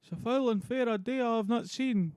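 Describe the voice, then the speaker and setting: A man's voice: very high-pitched, moderate pace, a little mellow, smooth, dry recording, voice pushed up. A man reading the part of a proud warrior lord in his own voice, stumbling over the lines. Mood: plain.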